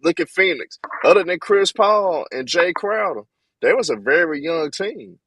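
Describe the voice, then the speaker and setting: A man's voice: on the high side, lively intonation, normal speed, a bit bright, slight background noise, rough recording. A man co-hosting a casual basketball talk, emphatic and slangy, repeating his points. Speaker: sports podcast co-host. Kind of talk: casual sports debate.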